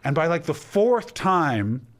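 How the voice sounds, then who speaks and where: Animated man from Canada telling a story. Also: a little high, slow pace. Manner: animated, acts out other people's lines, swears freely. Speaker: comedian guest. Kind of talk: casual podcast storytelling.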